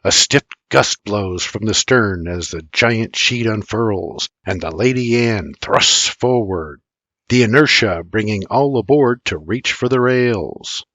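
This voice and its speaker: An older man narrates a historical audiobook at an unhurried pace. His intonation rises and falls in a lively way, and the recording is dry and close with no room sound. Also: lowish voice, dry recording, highs cut off. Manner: slow, measured, lively intonation. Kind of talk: scripted narration.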